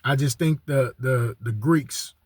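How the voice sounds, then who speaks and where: A husky, medium-pitched man speaks slowly with no echo, giving a casual teaching monologue as a religious teacher. He keeps restarting phrases and checks in with listeners by repeating "all right" again and again.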